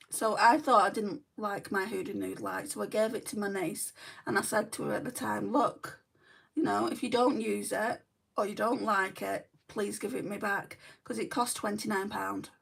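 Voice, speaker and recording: Lancashire woman, chatty beauty streamer, gravelly fry in the voice, mic set a little far off. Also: medium pitch, fairly bright tone. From Lancashire, England. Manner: rambling, candid, frequent ums and asides. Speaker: beauty vlogger. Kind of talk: chatty livestream makeup talk, reading viewer comments.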